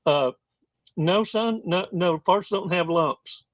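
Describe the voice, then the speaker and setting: Man doing a patient, nurturing mom, high falsetto, soft and soothing. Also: slow pace, no room sound. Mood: composing herself. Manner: gentle, soothing, stifling laughter. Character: patient nurturing mother, busy in kitchen.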